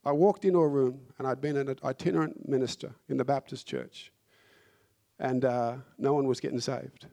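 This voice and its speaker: A man's voice: mid-range voice, fairly even intonation, normal speed, creaky, mellow. A man preaching a sermon, fervent and emphatic, repeating phrases to drive points home.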